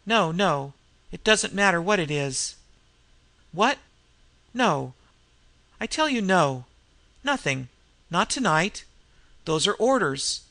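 A crafty, wizened old crook who grunts and snarls his threats, as a male reader puts him on. His voice is gravelly and sharp-edged, pitched a bit high, in a dry, close audiobook reading. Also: normal speed, no echo. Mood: snarling.

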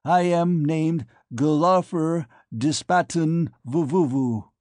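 Brief: man doing a raised, formal canine alien diplomat, stilted grammar, measured delivery. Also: fairly high pitch, darkish tone, dry recording, studio quality, pitched above the performer's own voice. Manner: stilted broken English, formal. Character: formal canine alien ambassador, male, broken English.

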